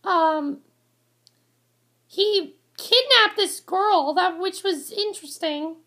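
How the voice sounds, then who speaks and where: Very high, bright exasperated woman ranting. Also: slow pace. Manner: exasperated, repetitive, rambling. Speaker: vlogger reviewing a TV episode. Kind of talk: casual ranting review to camera.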